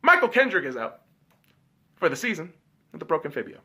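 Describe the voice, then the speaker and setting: Podcast host, late 20s, man, high bright voice, profane yelling sports rant. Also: very animated, fast talker. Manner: swears constantly, ranting and yelling.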